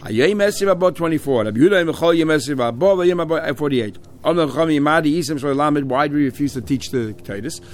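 Fast-talking man teaching Talmud. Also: fairly high pitch, lively intonation. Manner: reads Hebrew and Aramaic phrases then explains in English. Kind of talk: Talmud study class, reading and translating.

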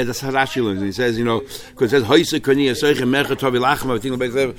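A man's voice: medium pitch, fairly even intonation, racing. A man teaching a Talmud class in English, mixing in many Hebrew and Yiddish terms and often restarting his sentences. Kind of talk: Talmud shiur, explaining texts.

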